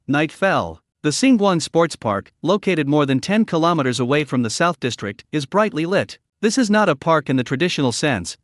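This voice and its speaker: A man narrating a recap story in a steady, scripted storytelling delivery. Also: a little high, no room sound, studio quality.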